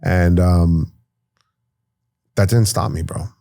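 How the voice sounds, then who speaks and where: Casting: New podcast host, man, low-pitched, blunt and profane storyteller, dry close sound. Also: fairly even intonation, slow pace, creaky, dark tone, no echo. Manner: blunt, swears freely, tells stories animatedly. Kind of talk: casual interview chat.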